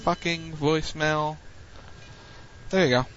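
A man's voice: on the high side, steady tone, slow, fairly bright tone, highs cut off, a little hiss or hum. A man hosting a casual online wrestling radio show, joking loosely and plugging upcoming shows.

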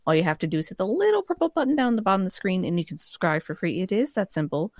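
A woman's voice: medium pitch, very animated, rapid-fire, a little mellow, no echo, studio quality. A woman co-hosting an internet radio show, reading the welcome and plugs in an upbeat way.

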